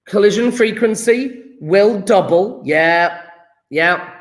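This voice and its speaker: A man teaching a live chemistry lesson, speaking slowly with a slightly raised pitch. He restarts and repeats phrases as he works through ideas. The sound is roomy and echoey. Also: lively intonation. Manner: thinks aloud with restarts, drawn-out repetitions.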